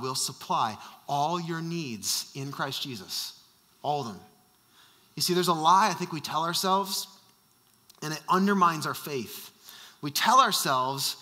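A man preaching in a high, very bright voice, pressing each point with rhetorical questions. His words ring out with a long reverb, as in a large church hall. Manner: emphatic, repeats rhetorical questions. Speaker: senior pastor. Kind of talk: sermon.

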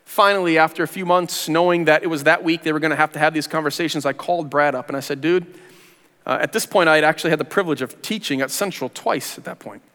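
A pastor in his forties tells his own story from the pulpit, earnest and conversational, dropping casual slang. His voice is bright and forward and sits a little high. Each word carries a long trailing reverb through a large church hall. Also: quick pace. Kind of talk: personal testimony sermon.

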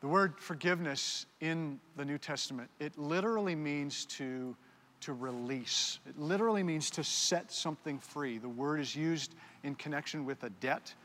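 Animated high-voiced preacher in a hall. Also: male voice, moderate pace, a little hiss or hum. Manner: animated, talks directly to volunteers on stage. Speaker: pastor. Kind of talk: sermon with audience participation skit. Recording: long hall reverb.

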